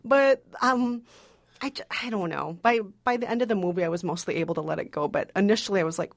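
A woman's voice: medium pitch, fast, no echo. Frank, playful woman film critic. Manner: frank, playful, laughs easily. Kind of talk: casual podcast chat.

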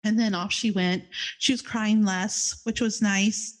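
A woman's voice: medium pitch, steady tone, measured pace. A middle-aged woman hosting a podcast, telling a personal story in a chatty, self-deprecating way with frequent laughs. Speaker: podcast host.

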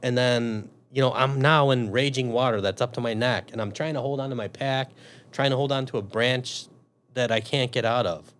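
A man's voice: mid-range voice, moderate pace. A man telling a story in casual chat, swearing often and acting out his own thoughts. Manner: profane, animated storyteller.

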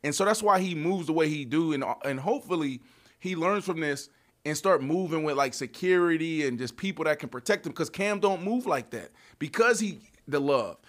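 Animated high-voiced man hosting a sports podcast. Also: moderate pace. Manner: animated, laughing, calls people out playfully. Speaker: podcast host. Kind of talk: casual sports chat.

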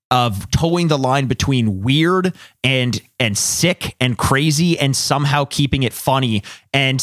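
A man's voice: mid-range voice, fairly bright tone, no room sound, clean studio sound. A man co-hosting a podcast, chatting casually and enthusiastically, often restarting his sentences. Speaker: podcast co-host.

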